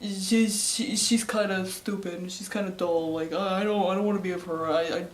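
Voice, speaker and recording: A woman voicing a lecherous, whiny teenage boy who mumbles and halts in a lowered voice, in a roomy echo. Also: fairly even intonation, moderate pace, close to an everyday voice. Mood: whiny, mumbling.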